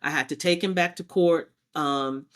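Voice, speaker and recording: A woman's voice: sits low, moderate pace. A woman as a podcast guest, telling her personal story and acting out past conversations as she goes. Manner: animated, acts out past exchanges in quotes.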